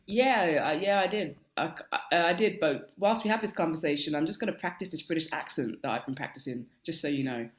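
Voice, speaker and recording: A woman plays a sarcastic young royal wife at the end of her patience. She talks in wry, hesitant runs in a lowish voice. It comes over a video call. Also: lively intonation, normal speed.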